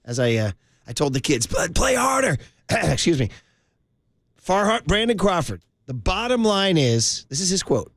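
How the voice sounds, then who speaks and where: Brief: man, excitable morning radio host with a cracking voice, dry studio mic. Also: fairly high pitch, normal speed, no room sound. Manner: excitable, sing-song, laughs a lot. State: voice cracking from yelling. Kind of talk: casual morning sports talk.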